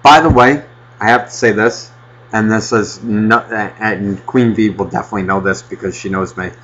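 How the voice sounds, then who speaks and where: A man co-hosting a podcast, ranting loudly and doing mocking impressions of a friend on the phone. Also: on the low side, steady tone, normal speed, dull audio. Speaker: podcast co-host. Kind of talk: casual podcast banter.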